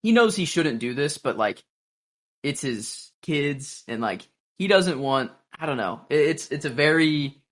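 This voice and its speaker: A man's voice: on the high side, expressive, measured pace, a bit bright. A man co-hosting a podcast in casual talk, often hesitating and trailing off. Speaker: podcast co-host. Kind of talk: casual episode breakdown.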